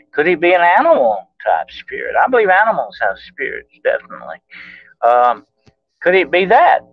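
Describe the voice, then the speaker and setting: A man's voice: mid-range voice, narrow, tinny audio. A man talking as a guest investigator on a chat show, explaining things earnestly with lots of fillers. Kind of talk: casual chat.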